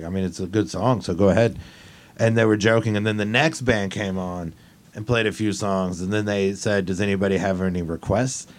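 A man, a comedian guest, chatting casually and deadpanning a running joke. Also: low-pitched.

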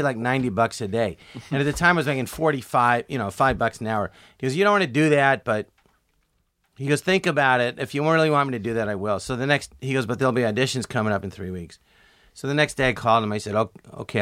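A man's voice: mid-range voice, dry recording, clean studio sound. A man in his sixties, a comedian guest, telling stories casually and acting out the voices of people he quotes. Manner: animated storyteller, acts out quoted voices. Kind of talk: casual storytelling interview.

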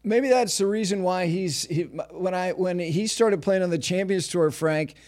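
Male host, notably high voice, ribbing the guest while he asks questions. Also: a little slow, a little mellow. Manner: teasing, conversational questions. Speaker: interviewer, host. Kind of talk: casual interview chat.

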